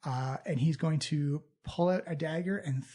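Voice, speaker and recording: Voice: mid-range voice, normal speed, dark tone. A game master narrating a tabletop game with vivid, playful descriptions and sound effects.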